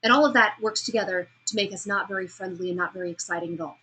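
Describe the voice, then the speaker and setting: A woman teaching a class on public speaking, lecturing lively and demonstrating pitch and emphasis as she explains. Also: rapid-fire, husky, low-quality recording.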